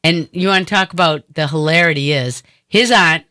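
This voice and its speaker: A middle-aged woman from Boston with a Boston accent, hosting a casual chat in a blunt, animated way and swearing freely. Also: low voice, normal speed, dry recording, clean studio sound. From Boston area, USA. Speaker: host.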